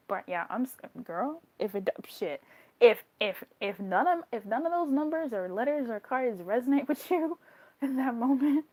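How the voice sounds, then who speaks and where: A young woman reading tarot on a live stream, chatting with viewers in an animated way, laughing often and swearing casually. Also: mid-range voice. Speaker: tarot card reader.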